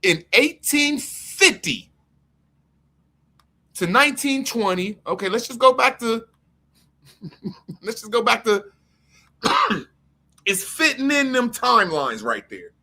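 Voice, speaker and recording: A man hosting a casual livestream, his pitch swinging widely as he reads aloud and riffs. He talks loosely and profanely, laughing often as he thinks out loud. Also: very animated, slow pace, long pauses. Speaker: livestream host. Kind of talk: casual livestream chat, reading aloud from the screen.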